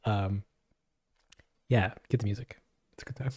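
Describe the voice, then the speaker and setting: A man's voice: mid-range voice, animated, a little slow, pauses often, no echo, studio quality. A man chatting casually on a livestream to his viewers, rambling, giggling and poking fun at himself as he answers comments. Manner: rambling, giggly, self-deprecating.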